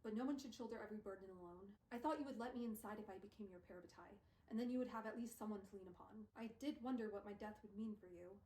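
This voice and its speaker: A gentle, ailing young man who never loses his temper, speaking softly and earnestly, as a woman reads him out. The sound is roomy and a bit distant from the mic. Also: mid-range voice, fast, hardly any pauses, natural voice. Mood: tender. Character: gentle, sickly young man, calm and patient.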